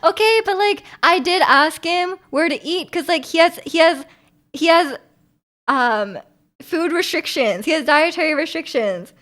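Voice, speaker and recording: A woman's voice: very high voice, expressive, measured pace, fairly bright tone. A woman, from Vancouver, chatting casually with her stream viewers in a rambling, giggly way full of fillers. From Vancouver, Canada.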